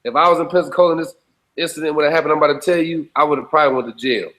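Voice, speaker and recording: A man's voice: a little high, fairly even intonation, rapid-fire, a bit bright, low-quality recording. Blunt, profane man talking emphatically. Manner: repeats checking phrases to the listener. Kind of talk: casual conversation.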